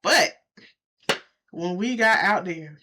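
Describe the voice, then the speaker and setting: A woman vlogging to her viewers in a loose, chatty storytelling way. She talks straight to the audience and her voice leaps up when she acts out what people said. Her pitch sits in a middle range. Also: slow pace. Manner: animated, talks straight to viewers, jumps high when quoting. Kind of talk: casual storytelling to camera.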